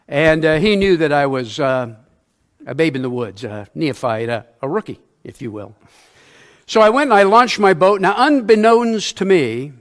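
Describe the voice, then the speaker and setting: Older man preaching, folksy and high-voiced. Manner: self-deprecating, folksy storyteller; acts out sounds and quotes in his stories. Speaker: church elder preaching. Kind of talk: sermon with personal storytelling.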